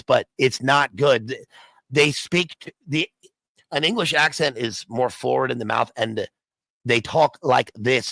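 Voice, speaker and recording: A man's voice: mid-range voice, gravelly, fairly bright tone, no echo, rough recording. A man, a guest on a video stream, chatting casually and musing aloud with many restarts. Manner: rambling, restarts often, muses aloud. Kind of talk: casual chat.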